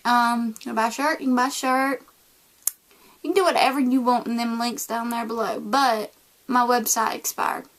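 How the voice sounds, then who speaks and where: With a fairly high voice and normal speaking speed, a young American woman with a Southern accent tells a story to her camera in a casual vlog. She's animated, impersonating the people involved as she retells it.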